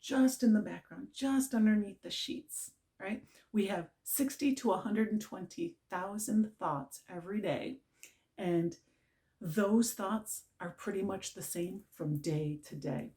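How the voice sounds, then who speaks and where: Slow, mellow-voiced woman teaching mantras. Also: mid-range voice. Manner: earnest, repetitive, with frequent "right?" check-ins. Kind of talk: casual spiritual talk.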